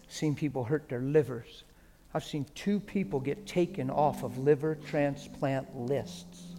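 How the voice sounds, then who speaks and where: A man preaching a sermon, dropping to hushed whispers and rising to loud, emotional exclamations. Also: medium pitch, a little slow. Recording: long hall reverb with faint music.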